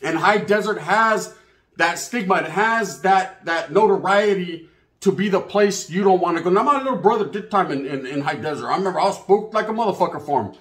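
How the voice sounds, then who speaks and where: Dude with a high voice just talking, slangy and cussing a lot, echoey room. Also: male voice, lively intonation, fairly quick, a bit bright. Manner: street-slang heavy, profane, acts out other people's voices. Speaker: channel host. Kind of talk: casual storytelling monologue.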